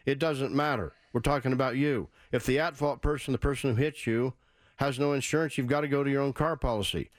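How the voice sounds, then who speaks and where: A man's voice: mid-range voice, fairly even intonation, fairly quick, no echo. A man hosting a radio call-in show, talking in an emphatic, urgent way and repeating his points.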